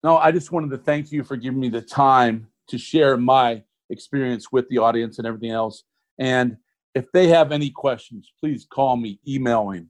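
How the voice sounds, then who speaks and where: A man's voice: mid-range voice, normal speed. Guy in his 40s chatting as a guest, rambly and folksy, plain mid voice. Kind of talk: casual interview talk.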